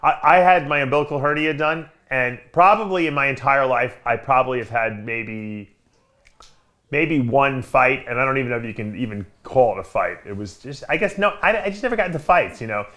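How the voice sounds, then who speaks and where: A man's voice: medium pitch, a little fast, bright, forceful tone. A man hosting a podcast, telling stories in a casual, rambling way with lots of filler words. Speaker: podcast host. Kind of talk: casual storytelling chat.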